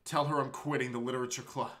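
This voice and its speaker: A man voicing a shy, anguished teenage girl in a tearful, halting confession while reading a visual novel aloud. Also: medium pitch, flat delivery, fairly bright tone, a little hiss or hum, close to an everyday voice.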